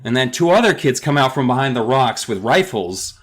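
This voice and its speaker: A man's voice: mid-range voice, expressive, fairly quick. Guy cracking jokes while recapping a book, swears a lot, voice swings all over. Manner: joking, profane, rambling asides. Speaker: podcast co-host. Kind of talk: casual book recap chat.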